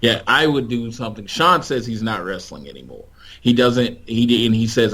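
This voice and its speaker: A man's voice: medium pitch, animated, moderate pace, a bit bright, breathy edge. A man co-hosting a podcast, chatting in a laid-back way and giving blunt opinions. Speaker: podcast co-host. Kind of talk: casual chat.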